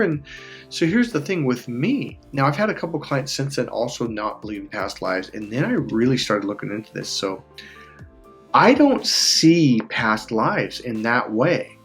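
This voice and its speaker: A man's voice: medium pitch, lively intonation, unhurried, fairly bright tone, soft background music. Emotional man rambling, close to tears. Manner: rambling, emotional, with frequent restarts and laughs. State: on the verge of tears. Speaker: life coach. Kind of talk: casual personal monologue.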